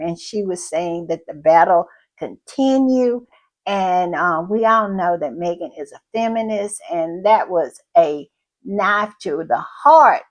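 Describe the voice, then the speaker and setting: Slow, effusive woman channel host. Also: medium pitch, muffled recording. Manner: effusive, exclaiming and laughing. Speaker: royal commentary channel host. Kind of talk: casual commentary.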